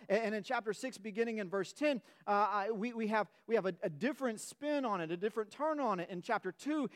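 High-voiced pastor preaching with fervor. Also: male voice. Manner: emphatic, repeats words and restarts, voice rising with fervor. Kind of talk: sermon. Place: church sanctuary.

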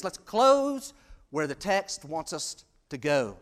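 A man preaching a sermon in a conversational, self-deprecating way, dropping to hushed asides and rising to loud, emphatic peaks. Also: fairly high pitch, very animated, moderate pace. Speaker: pastor.

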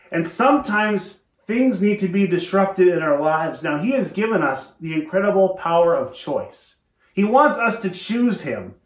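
A man with a high voice preaches in a church, retelling a story with lively energy and wry asides. His voice rings around an echoey church room. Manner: animated storytelling with joking asides. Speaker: pastor. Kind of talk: sermon.

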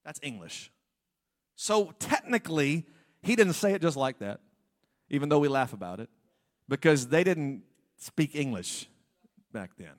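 A male pastor preaching a humorous sermon in a church, with playful joking asides to the congregation. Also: on the high side.

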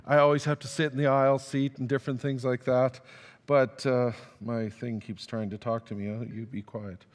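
A male pastor tells a story from the pulpit in an easy, self-deprecating manner. His voice sits at an average pitch. The sound rings with the long reverb of a large church hall. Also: flat delivery, normal speed. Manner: conversational, self-deprecating, acts out quoted dialogue. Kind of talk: storytelling sermon. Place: church sanctuary.

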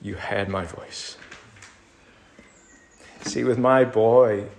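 A man's voice: on the low side, steady tone, extremely slow, a little mellow. A man preaching a sermon, building to emphatic peaks and dropping to near-whispers. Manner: rises to emphatic crescendos, drops to near-whisper. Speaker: pastor.

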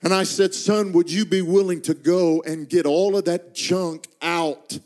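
A middle-aged pastor telling a personal story in a sermon, moving between quiet, slowed narration and rising, impassioned intensity. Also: male voice, steady tone. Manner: builds from hushed, slow narration to impassioned, high-pitched intensity.

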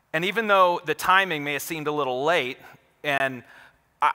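Bright-voiced pastor telling a story in a hall. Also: male voice, fairly high pitch. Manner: conversational storytelling, relaxed and self-deprecating. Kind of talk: sermon with personal story.

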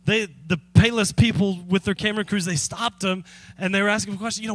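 A man's voice: sits high, fairly even intonation, fast, a bit bright. A man preaching a sermon as pastor, telling a story with chuckles and asides to the congregation.

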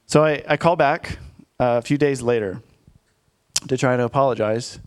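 A man's voice: mid-range voice, moderate pace, smooth. A man in his thirties, a pastor telling a personal story in a candid, self-deprecating conversational sermon to his congregation.

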